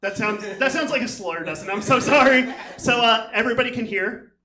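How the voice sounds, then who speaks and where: A man with a high voice does crowd work, teasing audience members and giggling through the back-and-forth. A lively crowd fills the echoey room. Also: brisk. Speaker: stand-up comic. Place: comedy theater stage.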